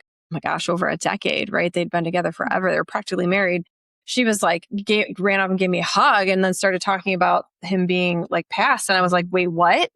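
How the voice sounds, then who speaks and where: A woman's voice: on the low side, creaky, fairly bright tone, dry recording. A woman co-hosting a podcast, speaking reflectively in casual conversation. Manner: reflective, quick supportive interjections. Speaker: podcast co-host.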